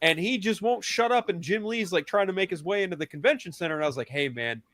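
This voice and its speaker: A man's voice: sits high, fast, a little hiss or hum. A man casually telling a convention story on a live stream, swearing freely. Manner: casual, swears often, builds to excited disbelief. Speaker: streamer panel guest.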